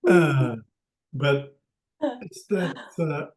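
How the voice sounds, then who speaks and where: An older man teaches over a video call, pausing often and restarting his sentences as he explains. His voice sits a little high for a man and moves at a slow, unhurried pace. The room around him sounds echoey. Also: a little mellow. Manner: halting, many filler pauses and restarts. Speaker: language teacher. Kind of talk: conversational language lesson over video call.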